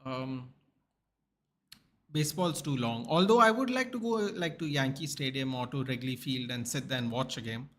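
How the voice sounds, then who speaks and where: A sports channel host, worn out from a night without sleep, provides live commentary during a football watchalong and replies casually to chat questions. He has a mid-range, slightly bright voice.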